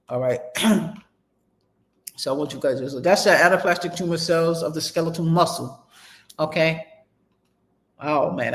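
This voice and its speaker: Reading aloud from a medical terminology textbook, a man breaks off to repeat key words and spell them for his online class. He addresses them chattily as "y'all" in a slightly high, somewhat bright voice.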